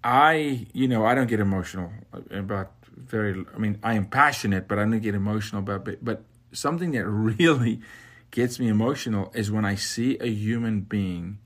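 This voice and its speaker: A man's voice: lowish voice, normal speed. A man hosting a faith podcast, speaking in an impassioned, exhorting way. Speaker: podcast host.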